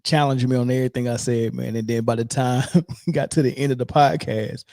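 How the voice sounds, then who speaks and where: Relaxed guy hosting a sports podcast, mellow dry voice, rambly and easygoing. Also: medium pitch, a little fast, no echo. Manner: laid-back, rambling with fillers and shout-outs. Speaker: podcast host. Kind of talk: casual podcast chat.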